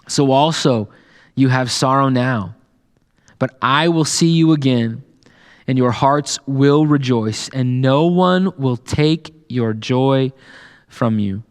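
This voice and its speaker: A man's voice: mid-range voice, darkish tone, big-room sound. A man preaching a sermon, reading scripture and explaining it casually, with fillers and growing passion. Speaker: pastor. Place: church sanctuary.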